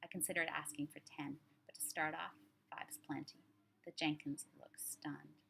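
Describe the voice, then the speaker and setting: Woman, author reading a story, low voice, gravelly texture, faint room ambience. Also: little pitch movement, moderate pace, fairly bright tone, slight background noise.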